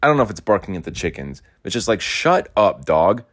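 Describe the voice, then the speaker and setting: A man's voice: low voice, sing-song, rapid-fire. A young man rambling and ranting in a casual monologue, repeating himself and swearing often as he moves around his home. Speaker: podcast host. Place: rural home, in and out of doors.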